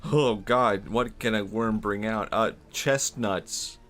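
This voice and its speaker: A man's voice: lowish voice, slow pace, a bit bright, faint music behind. A man streaming a game and chatting casually, rambling and giggling through playful, absurd tangents. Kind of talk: casual gameplay commentary.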